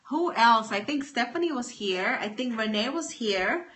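A woman's voice: a little high, animated, normal speed, a bit bright. A woman greeting her livestream viewers by name in a bubbly, welcoming casual chat. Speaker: livestream host. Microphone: phone or webcam.

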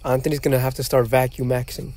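A man's voice: medium pitch, level tone, quick pace, a little mellow. A young man co-hosting a podcast, joking and teasing in slangy casual chat. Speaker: podcast co-host.

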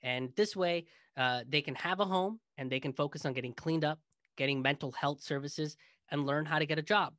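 Male comedian host, sarcastic monologue, fairly high pitch, dry booth-like sound. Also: a little fast, a bit bright, no room sound. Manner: sarcastic, mocking.

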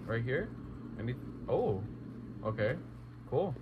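A man's voice: medium pitch, very animated, slow pace, muffled recording, noisy background. A young man commentating a horror game let's play, talking to himself and exclaiming at scares. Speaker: gaming YouTuber.

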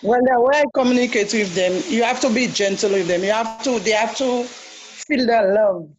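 A woman's voice: on the high side, moderate pace, muffled recording. A woman who works at a daycare explaining in a call how she handles children, listing options one by one. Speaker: daycare worker and church minister. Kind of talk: answering in a group training call.

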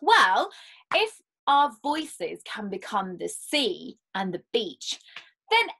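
A woman storyteller leading children through playful movement games, with animated exclamations and gasps. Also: medium pitch, slow, creaky, slight background noise.

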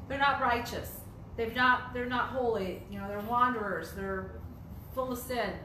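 Her voice is a little high, unhurried and bright, with a forceful edge, as she teaches a Bible study. The echoey recording carries a little hiss or hum, and she keeps repeating phrases emphatically and asking rhetorical questions.

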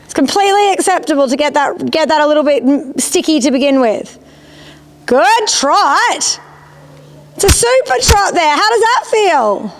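A woman's voice: high voice, big pitch swings, moderate pace. A woman instructing a rider in a riding arena, encouraging and often checking that she understands. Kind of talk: live coaching of a rider.

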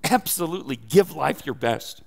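Male pastor, animated sermon delivery, loud to soft; gravelly, a bit high. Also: moderate pace.

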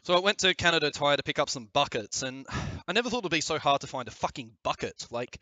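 A man's voice: a little high, lively intonation, fast talker, sharp tone, dry recording. A man with an Australian accent chatting on a live stream, rambling with lots of fillers and casual swearing. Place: aircraft hangar in winter.

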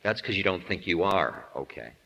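A man giving a humorous spiritual talk as a teacher, playful and quick to act out little scenes. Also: deep voice, sing-song, gravelly, bright, forceful tone, a little hiss or hum. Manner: playful, acts out voices in anecdotes. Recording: long hall reverb.

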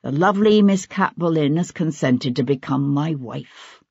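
A reader voicing a brash, smooth-talking gentleman who speaks politely but with insinuation, in an audiobook. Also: medium pitch, lively intonation, moderate pace, dry recording. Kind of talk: audiobook character voice. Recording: dull lo-fi audiobook recording.

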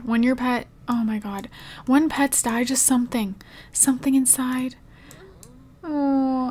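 Young woman gamer, high voice, gasps and exclaims to her viewers while she plays. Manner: talks to viewers, gasping and exclaiming. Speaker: let's play gamer. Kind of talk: emotional gameplay commentary.

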